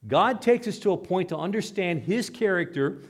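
A pastor preaching a sermon, reading scripture aloud dramatically and dropping into quiet asides, asking the congregation questions. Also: male voice, high-pitched, animated, moderate pace. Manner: dramatic, swings between loud scripture reading and hushed asides.

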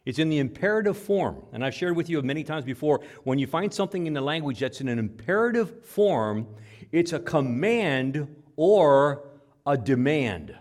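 Animated male preacher, lively pitch. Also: moderate pace. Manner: animated preaching, dramatizes quotes, repeats words. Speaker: pastor. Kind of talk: sermon. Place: church with microphone.

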